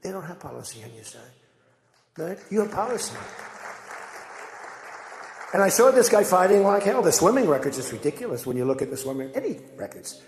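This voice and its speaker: An older man giving a rambling, conversational speech to a crowd, telling animated stories as he goes. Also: high voice, fairly quick, long pauses, noisy background. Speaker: political speaker. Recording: echoey hall with long reverb.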